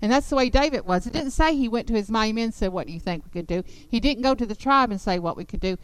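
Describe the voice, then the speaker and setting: A woman teaches a Bible lesson, retelling the story with emphatic, animated delivery. Her voice sits fairly high and sounds smooth and resonant. The sound is close and dry. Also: fast talker, no echo, poor audio.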